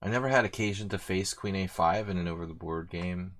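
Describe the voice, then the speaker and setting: A man's voice: low voice, brisk, fairly bright tone. A man streaming blitz chess, talking casually and thinking aloud, unsure of himself and self-mocking, with many fillers. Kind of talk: casual live commentary while playing.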